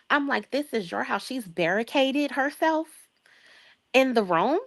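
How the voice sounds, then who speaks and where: A young adult woman from the Chicago area speaks unhurriedly in a fairly high, creaky voice. As a guest in a casual chat, she tells a long story with lots of laughter, lively and acting out the voices of the people in it.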